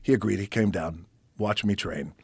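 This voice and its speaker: Low gravelly man telling a story. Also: moderate pace, no echo. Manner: profane, animated storyteller acting out others' lines. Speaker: podcast guest. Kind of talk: casual storytelling in conversation.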